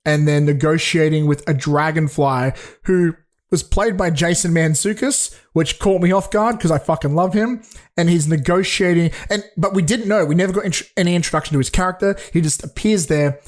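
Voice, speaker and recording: A young man, a podcast co-host, reviewing a film in casual chat, rambling and swearing with many restarts. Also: a little high.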